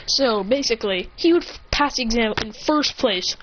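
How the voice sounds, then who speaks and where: A woman narrates an improvised fan story in a rambling, self-correcting way, and her voice sits on the high side. The sound is slightly muffled, with a faint hiss underneath. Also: animated, normal speed, few pauses.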